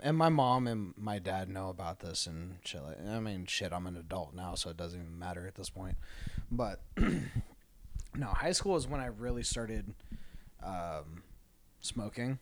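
A man co-hosting a podcast who reacts to stories and chats casually, swearing freely. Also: fairly low pitch. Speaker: podcast co-host.

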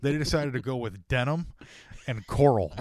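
A man's voice: mid-range voice, lively intonation, moderate pace, darkish tone, slight background noise. A man co-hosting a podcast, telling crude, joking stories in casual chat and laughing often. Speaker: podcast co-host.

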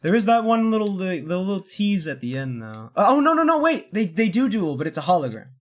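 A young man in casual podcast chat, excitable and stammering, laughing often. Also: high-pitched, brisk. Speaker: podcast co-host.

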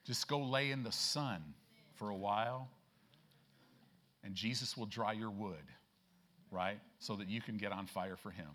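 Emphatic folksy male pastor preaching. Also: a bit bright. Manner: folksy, emphatic preaching with frequent "right?" checks; slows and rises in pitch and volume to stress scripture. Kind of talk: sermon. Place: church.

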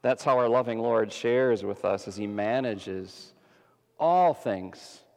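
A man preaching a sermon as pastor, dramatic, swinging between loud emphasis and hushed softness. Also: fairly low pitch, slow pace, vocal fry. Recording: long hall reverb.

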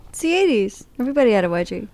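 A woman co-hosting a casual movie recap, animated and jokey, with some swearing. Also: a little high, rapid-fire. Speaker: podcast co-host.

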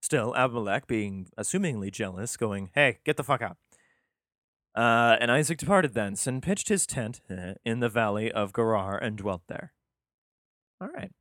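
A man reads old scripture aloud, stopping often for crude, exasperated wisecracks. His voice sits at an ordinary middle pitch. The sound is dry and close, with no room echo. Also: expressive, normal speed, a bit bright. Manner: sarcastic, profane, exasperated asides. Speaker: host reading scripture with commentary. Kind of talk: irreverent comic commentary.

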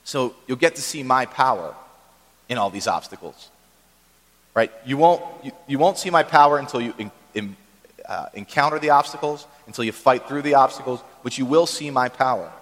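A man preaching a sermon in a church, talking conversationally and checking in with the congregation with quick asides. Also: mid-range voice, expressive, a bit bright, long reverb tail. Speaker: pastor.

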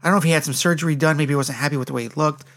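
A man's voice: on the high side, fairly even intonation, a bit bright. A man chatting casually about a movie as a podcast co-host, rambling and swearing freely. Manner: rambling, profane, fast and eager. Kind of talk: casual movie review chat.

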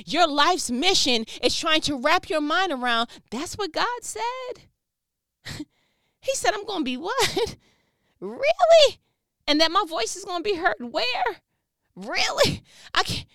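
A woman preaches a motivational message over a phone with fervent, emphatic energy, dropping slang and firing off repeated questions. Her very high-pitched voice is expressive, bright and forceful, delivered a little slowly. The recording is dry and studio quality.

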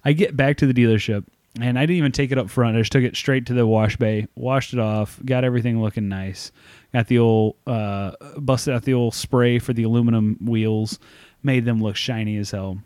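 A man's voice: medium pitch, fairly even intonation, normal speed, a little mellow, dry recording, studio quality. A man in his thirties, co-hosting a podcast, telling a long self-mocking story with lots of swearing and laughter. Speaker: podcast co-host. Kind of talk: casual storytelling chat.

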